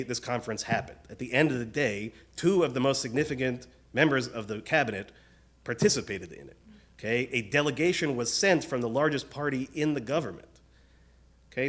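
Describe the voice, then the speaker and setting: A man's voice: mid-range voice, fairly bright tone. Man giving an earnest synagogue sermon. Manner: earnest, measured, often asks the room questions. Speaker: rabbi. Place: synagogue sanctuary.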